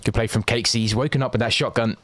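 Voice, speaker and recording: A man giving quick, excitable live play-by-play as a game shoutcaster, with casual asides to his viewers. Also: medium pitch, slight background noise. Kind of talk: live esports commentary.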